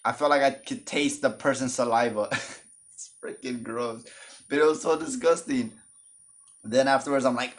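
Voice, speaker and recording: A man telling a storytime vlog in a casual, jokey way. He is animated and keeps acting out the voices of the people in his story. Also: mid-range voice, brisk. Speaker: storytime vlogger.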